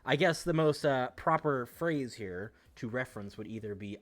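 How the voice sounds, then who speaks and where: Lively, swearing man at game night. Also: mid-range voice, moderate pace. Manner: swearing, joking, hums and beeps to himself. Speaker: card game streamer. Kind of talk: casual game-night banter. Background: faint music.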